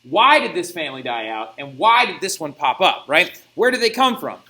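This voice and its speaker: A young man gives a recorded history lesson. His voice sits high and sounds bright and lively. He talks in a chatty, animated way and keeps dropping jokey asides. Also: normal speed. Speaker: teacher. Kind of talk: recorded classroom lecture.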